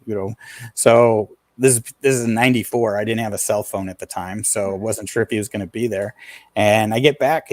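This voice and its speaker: A man's voice: fairly low pitch, a little mellow, dry recording. A middle-aged man, a paranormal investigator, telling a personal story in an interview in an earnest, plain-spoken way, acting out the dialogue.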